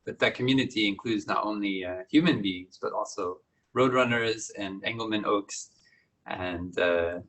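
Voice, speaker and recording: A man, a monastic teacher, giving a gentle, reflective dharma talk with many pauses and soft laughs. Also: fairly low pitch, low-quality recording.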